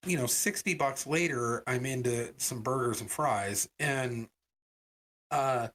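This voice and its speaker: A man co-hosting a podcast in casual chat, telling an animated story and acting out the voices of the people in it. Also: medium pitch, slow pace. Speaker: podcast co-host.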